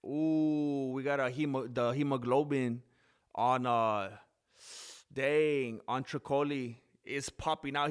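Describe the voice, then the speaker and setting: A man chats through a live fight stream in casual commentary, rambling and quick to get excited. His voice sits at an ordinary middle pitch. He talks like he is hanging out with his viewers. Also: clean tone. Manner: chatty, rambling, easily excited.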